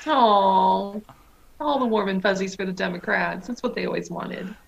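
A woman's voice: mid-range voice, fairly quick, gravelly, husky, muffled recording. A woman co-hosting a podcast, chatting casually with wry, mocking quips. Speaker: podcast co-host. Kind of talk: casual chat.

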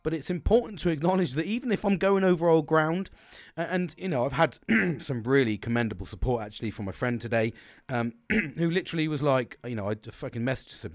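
Guy in his 40s or so rambling on his podcast, swears a lot, kinda high voice, dead dry room. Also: lively intonation, quick pace, dry recording. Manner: frank, sweary, rambling with restarts. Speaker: podcast host. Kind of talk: candid solo podcast.

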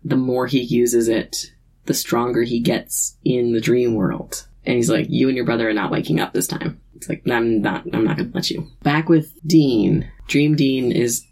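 A woman's voice: very deep voice, steady tone, normal speed, gravelly, a little mellow, husky. A woman retelling a TV episode in casual chat, playfully acting out the lines. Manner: playful, lots of acted-out quotes.

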